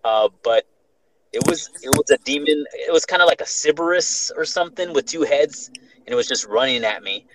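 A man's voice: on the high side, moderate pace, rough recording. A young man hosting a casual podcast, telling a scary story with lots of swearing and restarts. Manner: profane, animated, restarts often.

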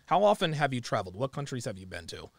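Blunt guy hosting a call-in show, gravelly voice, big swings in pitch, dry close mic. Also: fast, no echo. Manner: blunt, animated, repeats and restarts words. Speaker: host taking calls.

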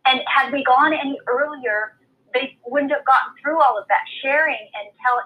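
A woman earnestly telling a personal faith story in a lively, heartfelt way. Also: high-pitched, moderate pace, narrow, tinny audio. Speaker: guest storyteller. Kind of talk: faith testimony.

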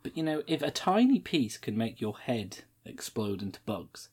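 Husky man with dry jokes. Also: medium pitch, sing-song, moderate pace, a little mellow. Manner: dry, sarcastic jokes, heavy swearing. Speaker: podcast co-host. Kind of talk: casual film recap chat.

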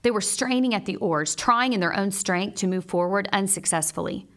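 An earnest woman delivers a scripted devotional lesson, steady and measured. Her voice sits at an ordinary middle pitch, and she weaves personal stories in with scripture. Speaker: Bible teacher; mother.

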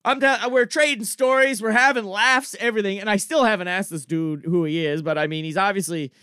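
High-voiced Cape Breton man spinning a yarn. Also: brisk, clear, resonant tone, no echo, studio quality. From Cape Breton, Canada. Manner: animated, profane, laughs often, fills with "like" and "I'm telling you". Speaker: storyteller. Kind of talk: casual comic anecdote.

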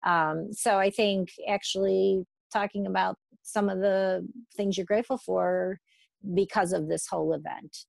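A woman's voice: medium pitch, fairly even intonation, a little slow, creaky, no room sound. A woman therapist talking through advice in a thoughtful, hesitant way, with many fillers and restarts. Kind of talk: casual conversational advice.

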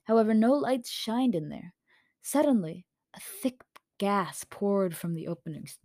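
A woman reads a story aloud at an even middle pitch, casual and now and then stumbling on a word. The home microphone gives a close, dry sound with no room echo. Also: a little slow. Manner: casual, with slips and corrections. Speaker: story reader. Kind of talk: reading her own story aloud.

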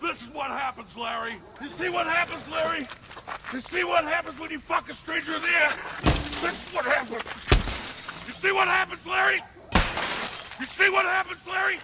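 A man's voice: extremely high pitch, moderate pace, long pauses. An actor playing an enraged man who rants over and over while smashing a car, heard in a film clip. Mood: furious. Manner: repeating himself in a furious rant. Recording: film clip under loud crashing noise.

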